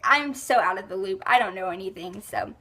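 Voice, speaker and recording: A woman's voice: medium pitch, a little fast, sharp tone, breathy edge. A woman vlogger with a stuffy nose from a cold, rambling casually through her monthly favorites with lots of fillers. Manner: chatty and rambling, many fillers like "like" and "um". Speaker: beauty and lifestyle vlogger.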